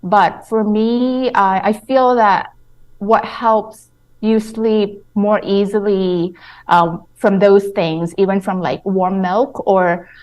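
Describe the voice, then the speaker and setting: A woman sleep-specialist doctor, a guest on a radio talk show, explaining things in a measured way with frequent pauses and restarts. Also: medium pitch, steady tone, a little mellow. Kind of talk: radio interview answers.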